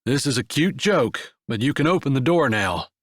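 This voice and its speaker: Hushed steady farmer dad, read by the narrator. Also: male voice, normal speed, dry recording, studio quality, close to an everyday voice. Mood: firm. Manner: low, hushed, parental. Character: steady grown man, a farmer and father.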